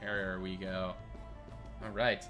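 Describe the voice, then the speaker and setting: Over background music, a man livestreams as he builds, thinking out loud and answering his viewers' chat in a casual, rambling way. His voice is deep, his delivery flat and slow.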